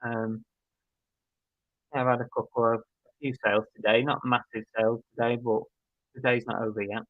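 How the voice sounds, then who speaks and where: A man co-hosts a live reselling chat, talking things through in an easygoing, rambling way. His voice sits at an ordinary middle pitch. The sound is dry and close, with a slightly dull, muffled quality. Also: flat delivery, normal speed, dry recording. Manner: chatty, laid-back, thinking aloud with fillers. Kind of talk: casual live-stream chat, reading viewer comments.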